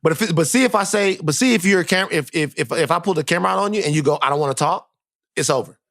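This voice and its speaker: A man co-hosting a podcast, telling stories in a casual, animated way and repeating phrases for emphasis. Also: fairly high pitch, very fast, creaky. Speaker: podcast co-host. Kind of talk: casual chat, animated storytelling.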